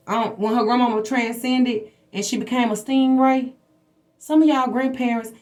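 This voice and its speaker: A woman hosting a spiritual livestream, telling personal stories in a blunt, profane, preachy way. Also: a little high. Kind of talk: casual spiritual talk to viewers.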